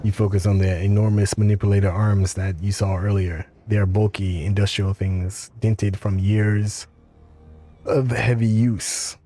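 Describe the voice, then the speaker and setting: A man streaming a game, reading its text aloud in a steady, even way. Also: lowish voice, measured pace.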